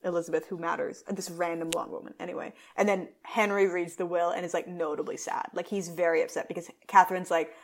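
A woman co-hosting a podcast, chatting casually and recapping episodes, slipping into quick voices for the characters. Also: lowish voice, fairly even intonation. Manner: chatty, playful, acts out scenes in quick put-on voices. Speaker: podcast co-host. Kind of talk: casual chat, recapping a show.

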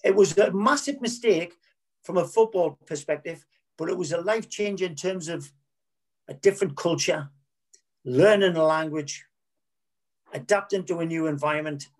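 Husky-voiced middle-aged man telling stories. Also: fairly high pitch, normal speed, pauses often. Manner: frank, rambling, self-correcting with repeated words. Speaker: former footballer, interview guest. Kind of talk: candid anecdotal storytelling.

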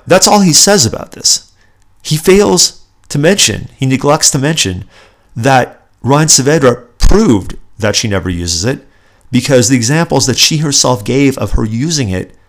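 Gravelly, indignant male podcast host. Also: medium pitch. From Southern California, USA. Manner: indignant, sarcastic, emphatic with repeated restarts. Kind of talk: opinionated solo commentary.

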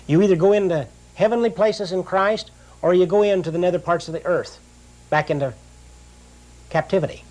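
Slow earnest older preacher, fairly high voice. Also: male voice, darkish tone. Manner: slow, drawn-out reading of scripture, earnest plain-spoken preaching. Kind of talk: sermon with scripture reading.

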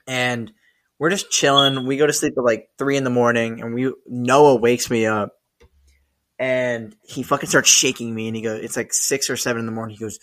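A man's voice: mid-range voice, moderate pace. Young man, podcast co-host, casual stories, lots of swearing, mid-range voice. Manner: swears often, animated storyteller, laughs mid-story. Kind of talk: casual storytelling chat.

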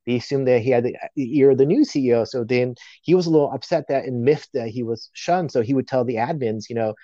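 Male guest, casual storyteller, mellow tone, filler-heavy delivery; dull lo-fi capture. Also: medium pitch, quick pace, no echo. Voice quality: frequent "you know" fillers. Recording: dull lo-fi sound.

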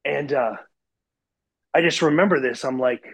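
A man in his forties telling a personal story in casual interview talk, animated and full of fillers, acting out the voices of others. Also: mid-range voice, fairly quick, husky, lo-fi sound. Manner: animated, acts out quoted voices, many fillers. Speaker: guest.

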